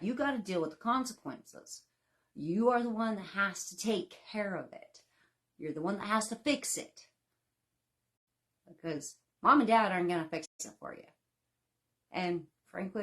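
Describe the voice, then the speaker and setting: A woman in her thirties talks to her online class from home in a loose, folksy way, full of fillers and easy asides. Her pitch sits in the middle range, and her chat rambles along like she's talking to friends. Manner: chatty, folksy, frequent laughs and fillers. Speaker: baking instructor. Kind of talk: casual live-class talk.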